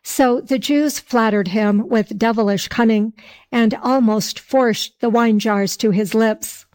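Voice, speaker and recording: A woman narrating a folk tale in a slow storybook reading with old-fashioned phrasing. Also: a little high, darkish tone.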